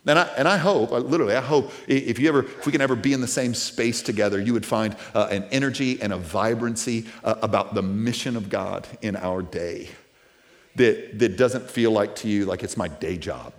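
A man in his thirties preaching a sermon as pastor, talking casually with restarts and repeated words, then rising to loud, emphatic peaks. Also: lowish voice, fairly quick.

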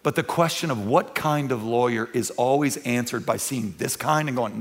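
A man preaching a sermon in a church, talking conversationally with repeats and restarts, dropping to hushed tones and rising to loud emphatic peaks. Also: medium pitch, moderate pace. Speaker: pastor. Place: church sanctuary.

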